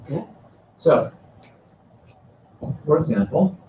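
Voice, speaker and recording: In a slow, very animated, slightly high voice with a dark tone, a man lectures a beginners' Greek class, having students repeat words and elongating syllables to show stress. The mic sits far off, giving a distant, roomy, dull sound with a little hiss or hum.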